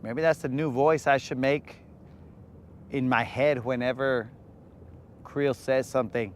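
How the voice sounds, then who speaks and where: Slow-talking laid-back man. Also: medium pitch, fairly even intonation, slight background noise. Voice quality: laid-back slangy banter, calls viewers bro and dog. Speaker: fishing livestream host. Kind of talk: casual live-stream chat with viewers.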